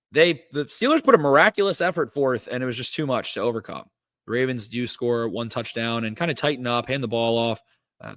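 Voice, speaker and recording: A man talks through football plays with eager energy and plenty of "uh"s. His voice sits at an ordinary middle pitch. The studio recording is dry and close. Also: dry recording. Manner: energetic, recaps plays with lots of fillers. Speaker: podcast host. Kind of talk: casual football breakdown.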